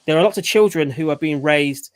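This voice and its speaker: Speaking a bit high and at a brisk clip, a man who is a father and channel host rambles through a casual group video chat, restarting often and dropping plenty of "you know"s.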